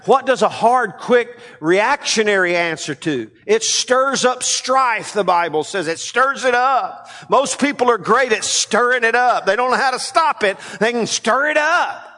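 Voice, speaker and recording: A male pastor preaching a sermon, leading the congregation in call-and-response and swinging between loud emphatic lines and quiet asides. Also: sits high. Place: church sanctuary. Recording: long hall reverb.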